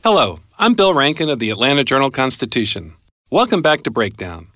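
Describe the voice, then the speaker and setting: A man hosting a true-crime podcast, narrating a scripted account in a crisp, matter-of-fact way. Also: mid-range voice, sing-song, a little fast, pushed and bright. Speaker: podcast host and reporter.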